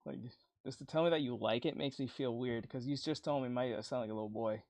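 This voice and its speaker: A man's voice: mid-range voice, quick pace, darkish tone, dry recording. A young man with a boyish, youthful-sounding voice chatting casually on a livestream, rambling, laughing often and swearing freely.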